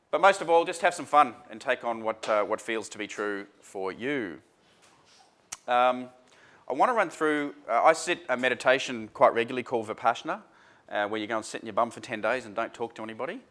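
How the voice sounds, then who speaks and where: A man's voice: medium pitch, lively intonation, a little fast, fairly bright tone. A man presenting a workshop seminar to a live audience in a chatty, informal way, full of fillers and restarts. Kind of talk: casual workshop talk.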